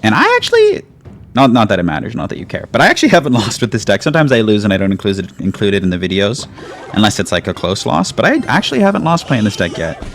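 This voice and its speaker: A man's voice: fairly low pitch, very animated, fast talker, vocal fry. A man giving casual, chatty commentary over his own gameplay, with a laid-back manner and lots of "like". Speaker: gaming YouTuber. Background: game music.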